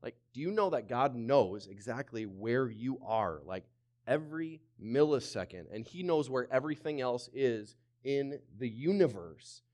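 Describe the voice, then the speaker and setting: A man's voice: medium pitch, expressive, measured pace, darkish tone. Emphatic male pastor preaching. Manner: emphatic, repeats phrases, asks the congregation to respond. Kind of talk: sermon.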